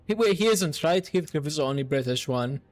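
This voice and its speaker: A man streaming a video game, chatting casually and excitably with his viewers and swearing freely. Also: a little high, a little fast. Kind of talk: casual live-stream chat while gaming.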